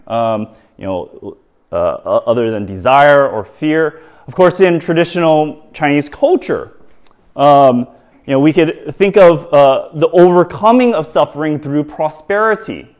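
A man preaching a sermon, halting, with many fillers and restarts and rhetorical questions to the audience. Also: on the high side, a little mellow.

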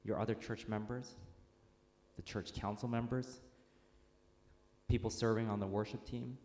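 A male pastor gives a relaxed, conversational sermon, telling stories with plenty of fillers and restarts. His voice sits fairly low. The sound carries the long, roomy reverb of a church hall. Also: unhurried. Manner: informal, storytelling with fillers and restarts. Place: church sanctuary.

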